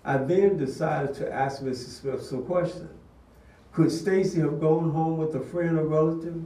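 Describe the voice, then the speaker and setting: A man's voice: fairly high pitch, steady tone, moderate pace, mellow. An older man giving a sermon-style testimony, telling a story in an earnest way. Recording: echoey room, distant mic.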